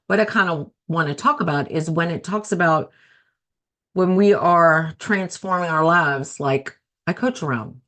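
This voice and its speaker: Chatty woman podcast host, slightly low voice. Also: expressive, normal speed, fairly bright tone. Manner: chatty, repeats phrases for emphasis. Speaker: podcast host and life coach. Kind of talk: casual solo podcast talk.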